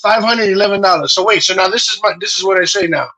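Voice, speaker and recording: A man in a casual podcast chat, telling a heated, profane story with a husky voice. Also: sits high, quick pace, bright, forceful tone, rough recording. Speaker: podcast host.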